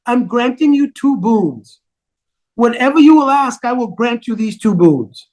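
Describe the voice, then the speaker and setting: A man putting on a scheming old nursemaid, manipulative and bitter, low insinuating scolding, high tone, storytelling epic. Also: animated, a little slow, a little mellow. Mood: urging.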